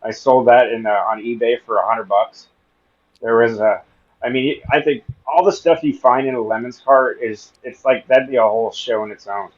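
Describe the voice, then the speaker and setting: A man's voice: medium pitch, normal speed. Laughing storyteller man, lo-fi sound. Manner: animated, acts out dialogue, laughs often. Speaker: podcast guest. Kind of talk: casual storytelling.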